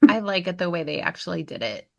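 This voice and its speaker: A woman's voice: lowish voice, quick pace, gravelly. Woman animatedly recapping an episode. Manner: animated storyteller. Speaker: podcast host.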